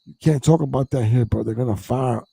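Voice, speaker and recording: A man voicing a frightened male coworker who pleads in a hushed, repetitive way. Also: mid-range voice, fairly quick, vocal fry, breathy edge, dry recording. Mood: pleading. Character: scared male coworker, pleading to stay quiet.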